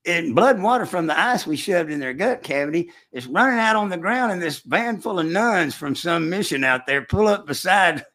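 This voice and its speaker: An older man with a bright, forceful voice, slightly higher than most men, telling a hunting story in casual conversation. His talk is folksy and rural, and he gets animated acting out the shouts. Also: normal speed, hardly any pauses. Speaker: storyteller recounting hunting trips.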